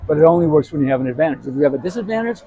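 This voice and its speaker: A man's voice: on the high side, expressive, racing, breathy edge, narrow, tinny audio. A man hosting a live gambling talk show, telling loose anecdotes with restarts and asides. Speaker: show host and gambling expert. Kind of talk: casual storytelling chat. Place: live show at a casino hotel.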